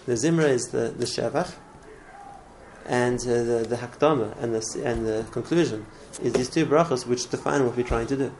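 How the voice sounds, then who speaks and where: A man's voice: medium pitch, moderate pace, darkish tone, a little hiss or hum, poor audio. A man teaching a religious class in an earnest way, often repeating words and restarting his phrases. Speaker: Torah teacher.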